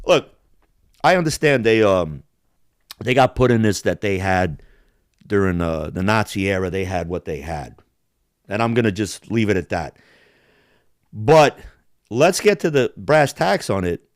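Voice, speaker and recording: A man tears through a casual podcast rant, heated and profane, breaking into mimicked accents along the way. His pitch swoops up and down with lively energy. The sound is dry and close, with no room around it. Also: unhurried, pauses often, dry recording. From Balkans. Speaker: podcast host.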